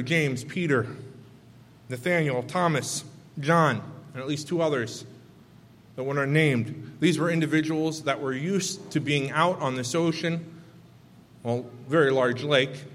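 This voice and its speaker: A man with children, preaching a sermon: he reads scripture and pauses earnestly to explain it and talk straight to his listeners. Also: on the high side, big-room sound. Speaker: pastor.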